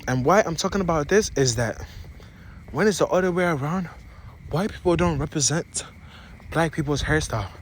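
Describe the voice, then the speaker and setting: A man's voice: on the high side, animated, moderate pace, long pauses, slight background noise. Rambling young man with an African-American mixed accent. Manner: rambling, repeats and restarts phrases, addresses viewers directly. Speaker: vlogger. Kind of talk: opinionated casual monologue to camera.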